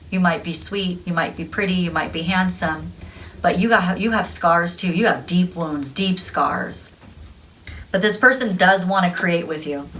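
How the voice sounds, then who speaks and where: A woman's voice: on the low side, a bit bright, a little hiss or hum, rough recording. A woman giving a casual tarot reading, chatty and gushing, laughing often. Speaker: tarot reader.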